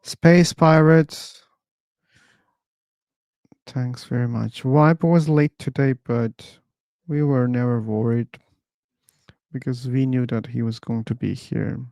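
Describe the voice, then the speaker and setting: Slow-talking man hosting a livestream. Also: mid-range voice, fairly even intonation, vocal fry, a little mellow, dry recording. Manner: slow, halting, reads out chat names. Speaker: livestream host. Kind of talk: livestream wrap-up, thanking chat.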